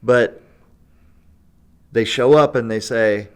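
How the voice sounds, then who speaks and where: A man's voice: on the low side, unhurried, long pauses, smooth. A man telling a long story in a casual podcast chat. He laughs often and keeps checking in with "right?" and "you know". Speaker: guest storyteller.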